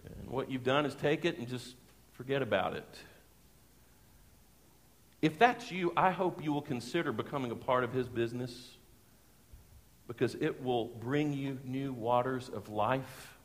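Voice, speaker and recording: A middle-aged man, preaching a sermon as a pastor and telling a personal story in a lively, folksy way with chuckles. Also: mid-range voice, unhurried, pauses often. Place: church sanctuary. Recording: long church hall reverb.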